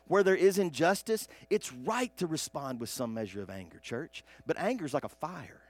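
A man preaching a sermon, swinging from hushed asides to loud, emphatic bursts. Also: fairly high pitch, lively intonation, moderate pace. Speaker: pastor.

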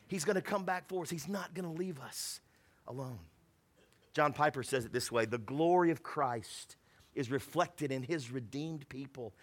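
A man delivers a sermon in a voice that sits a little high for a man. He reads scripture and quotations, breaks off for jokes and friendly asides to the congregation, and moves between quiet, slowed passages and emphatic peaks. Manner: conversational preaching with asides and laughs; swings from hushed to emphatic. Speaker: pastor.

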